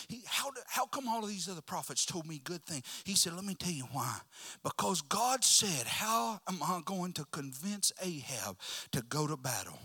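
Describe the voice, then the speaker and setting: A male preacher delivering a sermon, shifting from loud shouts to hushed whispers as he tells the story. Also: fairly high pitch, sing-song, normal speed, few pauses, husky.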